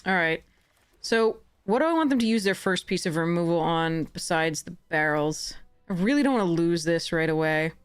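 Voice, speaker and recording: A woman with a fairly low voice talks through a card game as she plays it. She is chatty, corrects herself often and drops in quick apologies. Faint music plays under her voice. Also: animated, clear, resonant tone, no room sound. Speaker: game streamer. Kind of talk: casual commentary while playing a card game.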